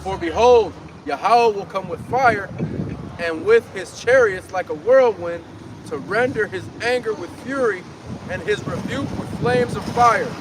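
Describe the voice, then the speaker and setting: A man reading scripture aloud in a slow, measured way at a street preaching. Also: sits high. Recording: distant outdoor recording with street noise.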